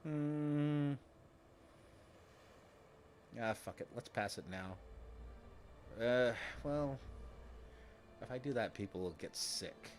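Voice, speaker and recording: A man's voice: mid-range voice, animated, takes it slowly, long pauses, slight background noise. A man streaming a game in casual commentary, rambling and joking with many restarts and repeated words.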